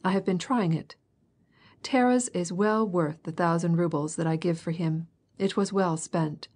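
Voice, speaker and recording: A woman's voice: on the low side, measured pace, a little mellow, husky. A woman voicing a jovial, blustering older count who gives bluff, hearty commands.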